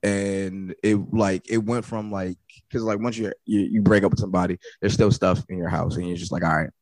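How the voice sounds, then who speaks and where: A man, a podcast guest chatting in a relaxed, easygoing way with casual swearing. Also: low-pitched, fairly quick, dry recording. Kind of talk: casual chat.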